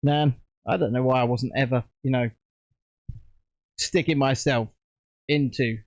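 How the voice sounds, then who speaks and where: A man's voice: medium pitch, fairly even intonation, measured pace, a little mellow, no echo, lo-fi sound. A British man hosting a casual livestream, chatting and rambling while building a set at home. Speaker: livestream host.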